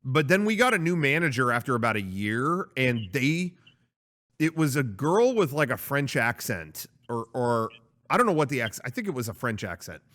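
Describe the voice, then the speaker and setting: A man's voice: medium pitch, big pitch swings, normal speed, a bit bright. A man co-hosting a casual chat show, rambling with lots of fillers and restarts. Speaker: podcast co-host.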